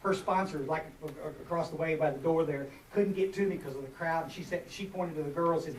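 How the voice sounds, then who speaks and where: Slightly high-voiced and a little fast, this man in his forties talks with a drawl and few pauses as he shares with a live recovery group. It's a rambling, self-deprecating account crowded with fillers and restarts. Recorded far from the mic in a noisy, echoey meeting hall.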